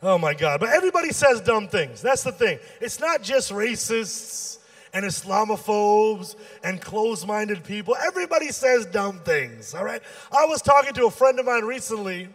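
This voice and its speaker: A fairly high-pitched man working a stand-up set as the show's emcee. He tells his stories with lots of energy, jumping into different voices to act out each conversation. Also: normal speed. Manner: animated storytelling, acting out dialogue with shifts in pitch.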